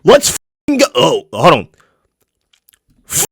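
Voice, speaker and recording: A young man streaming a casual reaction video, profane and mocking, swinging into shouts. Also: a little high, big pitch swings, moderate pace, dry recording, clean studio sound.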